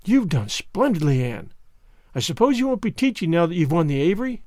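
A man's voice: on the high side, big pitch swings, a little fast, darkish tone, dry recording, studio quality. A man voicing a teenage girl, a slightly jealous best friend, speaking plainly. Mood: friendly. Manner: reproachful, then plain and friendly.

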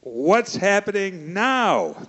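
A man's voice: high voice, sing-song, takes it slowly, a bit bright. A man co-hosting a podcast, chatting casually and laughing along with his partner. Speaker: podcast co-host. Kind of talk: casual chat about old TV shows.

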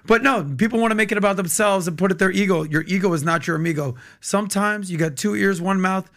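Man, from the US, podcast host, bright, gravelly, jokey, eager. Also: high voice, fast talker. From United States. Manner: enthusiastic, jokey, asks questions. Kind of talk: casual interview chat.

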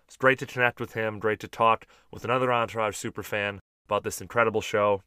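Upbeat male podcast host, crisp dry sound. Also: fairly low pitch, fairly even intonation, fast, bright, forceful tone, dry recording. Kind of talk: casual podcast chat.

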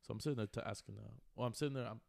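A man's voice: mid-range voice, racing, creaky, a little mellow, no room sound, studio quality. A man in his twenties co-hosting a podcast, telling a long story in a laid-back way, full of slang and fillers. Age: 20s. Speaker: podcast co-host. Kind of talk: casual chat.

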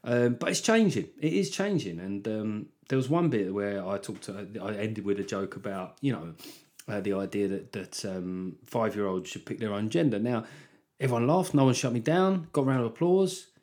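A man's voice: fairly low pitch, normal speed, a little mellow. A man hosting a podcast as a comedian, rambling through a casual comic monologue, swearing heavily and cutting himself off mid-sentence.

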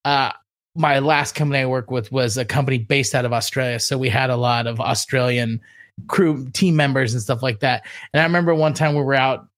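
A man's voice: medium pitch, fairly even intonation, brisk, a bit bright, no room sound, studio quality. A young man with a Southern Californian accent co-hosting a podcast in rambling casual chat. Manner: laid-back, rambling, with fillers and laughs. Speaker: podcast co-host.

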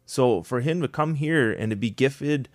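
A man from Canada, a podcast guest, explains events calmly and often checks in with the listener. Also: mid-range voice, dry recording. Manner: measured, explanatory, frequent "right?" tags. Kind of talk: podcast discussion.

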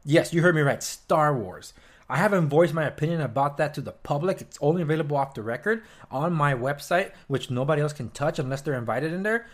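A young man hosts his own news podcast in a loose, opinionated rant. His pitch jumps high when he gets worked up, and he throws in sarcastic asides. The delivery is casual and unscripted, with frequent fillers. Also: brisk. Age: young adult. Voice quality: chewing while talking at times. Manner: animated, ranting, sarcastic asides with mock quotes. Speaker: podcast host.

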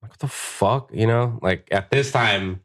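A young man, a guest tattoo artist on a podcast, tells a long, profanity-filled story in an unhurried, lowish voice. He's animated and acts out the lines of the people in it.

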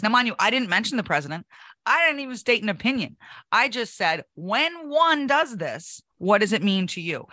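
Bright, forceful woman cohosting a political talk show, her delivery emphatic and indignant with frequent laughter. The recording is dry and close, with no room sound around her. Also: mid-range voice, no room sound. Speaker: co-host.

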